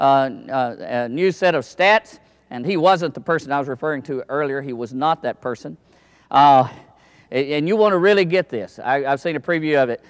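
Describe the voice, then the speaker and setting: A male preacher delivers a folksy sermon in a church, swinging between booming lines and hushed asides. His voice sits fairly high for a man. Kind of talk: sermon storytelling.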